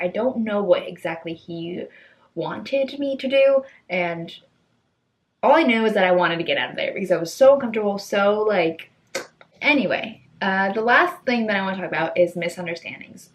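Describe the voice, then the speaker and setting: A young woman vlogging, telling funny stories in a chatty, animated way and acting out the people in them. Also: mid-range voice. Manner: chatty, animated, acts out voices in quotes. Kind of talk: casual storytelling.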